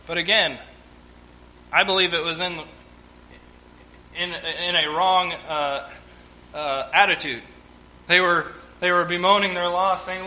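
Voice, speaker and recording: A man's voice: high voice, measured pace, pauses often, sharp tone, poor audio. A man teaching from the Bible, reading scripture aloud and stopping to comment in plain, conversational asides. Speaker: preacher.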